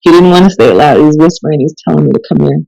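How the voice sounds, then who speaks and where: A woman, a police officer, telling stories in a casual podcast conversation, chatty and animated and laughing often. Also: deep voice, racing, gravelly, no echo, rough recording.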